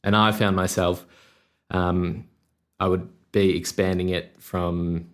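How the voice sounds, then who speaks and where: Deep-voiced Australian man, rambling. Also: takes it slowly. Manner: rambling, relaxed, many fillers and restarts. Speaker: podcast host and musician. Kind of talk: casual solo podcast monologue.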